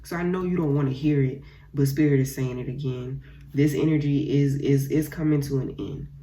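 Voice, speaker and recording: A woman's voice: extremely low pitch, steady tone, normal speed, dark tone. A young woman giving a casual tarot reading, blunt and profane, repeating phrases and talking straight to her viewers. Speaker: tarot reader.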